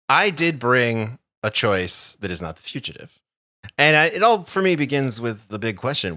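A man co-hosting a podcast debate, pitching his pick with an energetic, theatrical build-up. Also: no room sound, studio quality. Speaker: podcast co-host. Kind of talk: debate pitch, casual chat.

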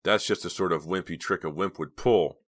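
A scornful, boastful teenage jock who speaks with loud bravado, as a male narrator reads him. The sound is dry and close. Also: low voice, moderate pace, no room sound.

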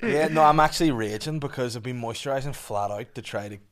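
A man's voice: mid-range voice, fast talker, a bit bright. A man, a comedian guest on a podcast, chatting in a laid-back, dry way. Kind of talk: casual podcast chat.

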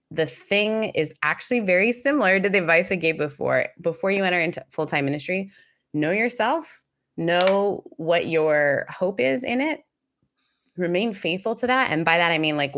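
A woman co-hosting a casual chat, measured and reflective as she gives advice. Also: lowish voice, a bit bright.

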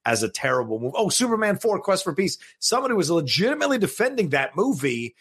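Podcast guy, a bit husky, rambly, lots of uh and restarts. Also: sits high, sing-song, quick pace, a bit bright. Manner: rambling, many restarts and fillers. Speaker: podcast co-host. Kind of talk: casual chat.

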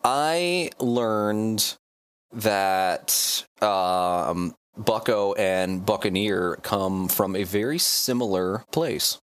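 Male guest, slow and wry, smooth clean voice, easygoing banter. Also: on the low side. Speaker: podcast guest. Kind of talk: casual chat.

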